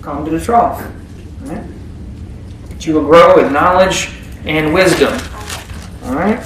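High-voiced preacher in a very echoey church. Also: male voice, takes it slowly, a bit bright, recorded from a distance, slight background noise. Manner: conversational, asks the congregation questions. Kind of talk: sermon. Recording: very echoey room.

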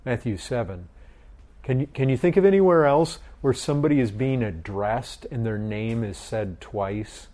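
A man's voice: medium pitch, expressive, dark tone. A middle-aged man leading a group Bible study, asking questions and often repeating his words. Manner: slow, questioning, repeats phrases.

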